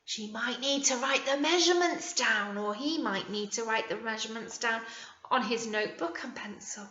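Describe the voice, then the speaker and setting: An English woman teaching phonics to young children, sounding out words slowly and warmly encouraging them. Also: fairly high pitch, roomy sound, muffled recording. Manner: slow, sing-song, exaggerated word sounding for small children. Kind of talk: early years phonics lesson.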